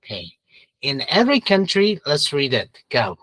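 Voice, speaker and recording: A man's voice: on the high side, wildly swooping pitch, normal speed, fairly bright tone, no room sound, low-quality recording. A man teaching an English review lesson, patiently repeating questions and prompting students to answer together.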